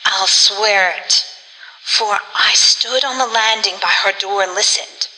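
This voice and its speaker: A woman voicing a harsh, miserly older woman who snaps and sometimes drops to a hushed whisper. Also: medium pitch, a little slow. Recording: long reverb.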